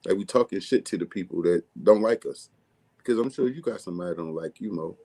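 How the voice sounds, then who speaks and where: Male podcast guest, low dark voice, relaxed slang-heavy delivery. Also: fast talker. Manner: laid-back slangy talk, profane. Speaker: music artist guest. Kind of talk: casual podcast chat.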